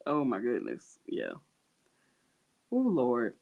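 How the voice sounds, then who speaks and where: A woman hosting a podcast, giving soft, admiring reactions in casual chat. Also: very deep voice, wildly swooping pitch, takes it slowly, creaky, narrow, tinny audio. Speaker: podcast host.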